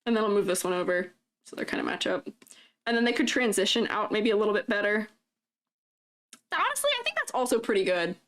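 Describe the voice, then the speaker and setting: A woman streaming as she draws. She chats casually, laughs often and reads viewer comments aloud. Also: on the high side. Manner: playful and teasing with chat. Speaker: streamer reviewing avatar designs. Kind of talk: casual live-stream chat while drawing. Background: faint background music.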